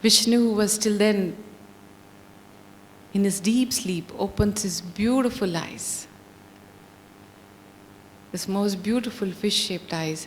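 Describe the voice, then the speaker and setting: A woman telling a scripture story in a slow, deliberate, expressive manner. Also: medium pitch, a little hiss or hum. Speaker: spiritual storyteller. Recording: long hall reverb.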